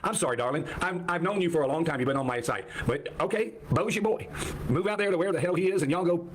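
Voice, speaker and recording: A man ranting angrily on a livestream, swinging from shouting to muttering. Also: a little high, quick pace, slight background noise. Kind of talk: angry livestream rant.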